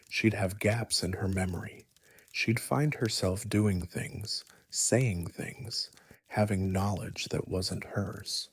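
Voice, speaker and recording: Deep, slow, husky male horror narrator. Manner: hushed, often whispery delivery. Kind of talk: scripted first-person horror narration.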